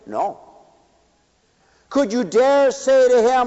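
A man preaching a sermon, swinging from loud declarations to hushed asides. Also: sits high, very animated. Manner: rapid asides to the audience. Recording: dull echoey hall recording.

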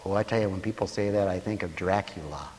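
A man's voice: deep voice, quick pace, a little mellow, big-room sound, slight background noise. A man preaching a sermon to a radio audience, telling stories and acting out the voices of people in them.

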